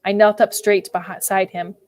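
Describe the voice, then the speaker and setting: A woman's voice: mid-range voice, little pitch movement, fairly quick, a little mellow. Woman reading a classic novel aloud. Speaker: reader.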